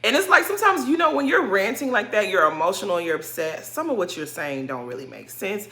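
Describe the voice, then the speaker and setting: A woman's voice: medium pitch, sing-song, brisk, bright, forceful tone. A woman giving a casual, blunt recap of a reality TV episode, swearing freely and full of slang. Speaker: recap host.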